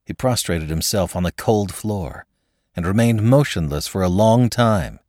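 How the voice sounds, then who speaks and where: A man's voice: low-pitched, lively intonation, unhurried, darkish tone, no echo, clean studio sound. A man narrating a classic story in a scripted, dramatic reading. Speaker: podcast narrator.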